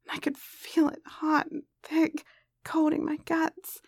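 A woman narrating explicit erotic role-play in a breathy, moaning voice that drifts into whispers. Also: sits high, completely flat delivery, unhurried, a little mellow, no echo.

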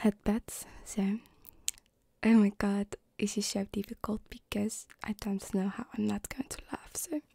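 Woman, whispering, live-stream chat, giggly, chatty, breathy, slow. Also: mid-range voice, little pitch movement, dark tone, dry recording, clean studio sound. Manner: giggly, self-deprecating, chatty. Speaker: ASMR streamer.

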